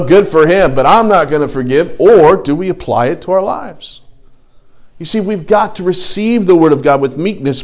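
A man preaching a sermon as pastor in a conversational way, often dropping to quiet asides. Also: a little high.

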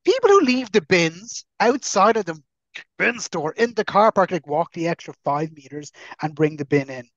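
A man's voice: high voice, very animated, normal speed, fairly bright tone, dry recording, lo-fi sound. A man, co-hosting a podcast and ranting chattily, joking as he goes. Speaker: podcast co-host. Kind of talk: casual chat.

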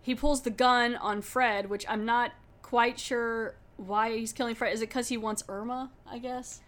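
A woman's voice: on the high side, steady tone, measured pace, fairly bright tone. A woman podcast host recapping a TV episode in casual chat, animatedly acting out the characters' lines and laughing often.

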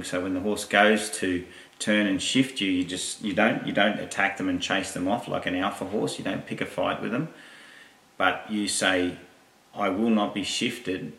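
A man who trains horses, giving a calm, rambling lesson with quoted asides. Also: sits low. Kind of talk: instructional talk. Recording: echoey, distant mic.

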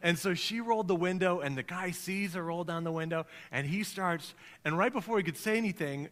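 A male pastor preaches in a bright, ringing tone, recorded in a hall where the reverb trails on after each phrase. He tells stories with animation and puts on the voices of the people in them. He sits a little higher than most men. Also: moderate pace. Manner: storytelling, animated, acts out quoted voices. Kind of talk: sermon.

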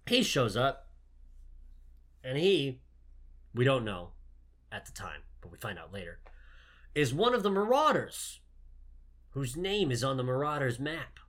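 A man's voice: mid-range voice, very animated, unhurried, pauses often, fairly bright tone. A man co-hosting a podcast, recapping a movie in casual, profane, joking chat. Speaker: podcast co-host.

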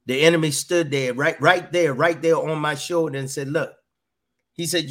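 Middle-aged man, fairly high voice, earnest testimony, repeats himself, podcast guest. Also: steady tone, moderate pace, fairly bright tone. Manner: earnest, repeats phrases, quotes voices in dialogue. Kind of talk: personal testimony.

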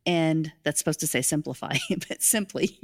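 A woman's voice: low voice, normal speed. A woman hosting a casual live stream on leadership, upbeat and enthusiastic and often laughing.

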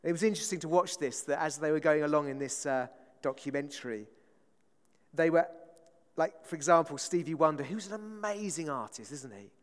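A man's voice: fairly high pitch, animated, brisk. Chatty male preacher in a reverberant hall. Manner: chatty, often asks the congregation "right?". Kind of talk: conversational sermon.

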